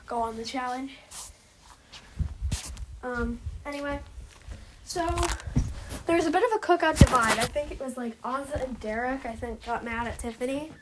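Excitable fan vlogger, woman, high voice, rambling self-corrections, noisy home recording. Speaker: fan recapping a reality show. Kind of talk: excited casual vlog recap.

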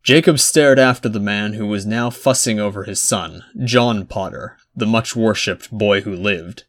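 Man, low voice, measured, reading a story chapter aloud. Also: fairly bright tone. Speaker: audiobook narrator. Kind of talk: reading fan fiction aloud.

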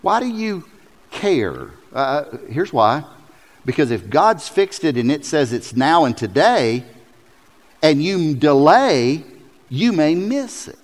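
A man preaching a sermon as pastor, telling stories with lively, acted-out quotes. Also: on the high side, slow. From South Carolina. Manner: animated storytelling, jumps into loud acted quotes. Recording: long hall reverb.

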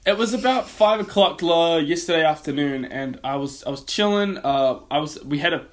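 A man's voice: fairly high pitch, moderate pace. A young man, telling a spooky personal story on a casual podcast, rambling and swearing as he acts out the voices.

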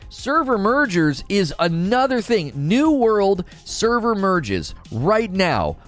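A man live-streaming and chatting casually about a game, rambling and often repeating his words, into a desk mic run through a mixer. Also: fairly high pitch. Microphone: desk mic through mixer and preamp.

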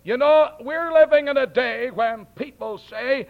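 A man preaching an impassioned sermon, mocking his opponents and bursting into shouts. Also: extremely high pitch, measured pace, creaky. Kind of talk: fiery sermon. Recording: dull lo-fi old recording.

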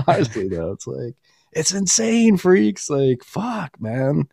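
A man's voice: on the high side, very animated, slow pace, vocal fry, warm tone, slightly rough. A man co-hosting a podcast in casual, profane banter, rowdy and laughing often. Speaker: podcast co-host.

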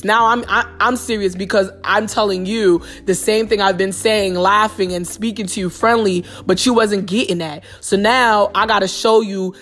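A woman's voice: medium pitch, fairly even intonation, moderate pace, hardly any pauses, a bit bright, slight background noise. A young woman with a New York accent hosting a podcast, bluntly retelling a personal story in a casual, profane monologue full of slang. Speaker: podcast host.

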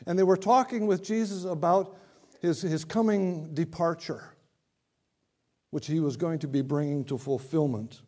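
A man preaching a sermon, dramatic and swinging from loud to hushed, often repeating words. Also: fairly high pitch, moderate pace.

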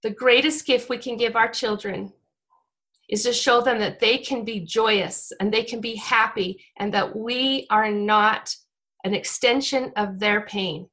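A woman's voice: on the high side, steady tone, measured pace, a bit bright. A woman, around her forties, giving a heartfelt devotional talk to her congregation, close to tears and often restarting her sentences. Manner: heartfelt and emotional, with frequent restarts. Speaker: church speaker.

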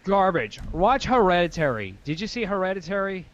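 A man's voice: high-pitched, very animated, a little fast. A rowdy podcast co-host rants loosely and swears freely, his voice sitting a touch above the usual male range. The recording is a little dull and lo-fi. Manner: profane, rowdy ranting. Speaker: podcast co-host, stand-up comedian. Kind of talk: casual podcast chat.

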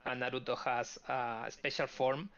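Appearing as a podcast guest, a man talks casually, pausing often and filling gaps with ums and uhs while he hunts for words. His mid-range voice is flat and fairly bright, heard through dull, lo-fi audio.

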